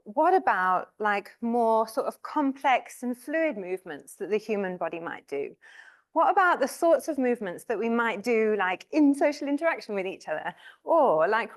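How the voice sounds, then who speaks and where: Chatty, high-voiced woman giving a lecture. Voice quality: high-pitched voice. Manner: chatty and informal, with laughs and fillers. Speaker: professor giving an inaugural lecture. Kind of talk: university lecture.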